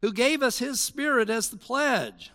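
Bright high-voiced pastor in his sixties. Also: measured pace. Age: 60s. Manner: conversational preaching, swinging between loud emphasis and quiet asides. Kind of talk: sermon.

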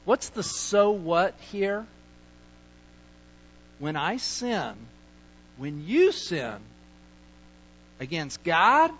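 Man, pastor, sermon, slow deliberate delivery, emphatic then quiet, dull muffled recording. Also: a little hiss or hum. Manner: emphatic, swings between loud points and quiet asides; acts out sheepish excuses in a low mutter.

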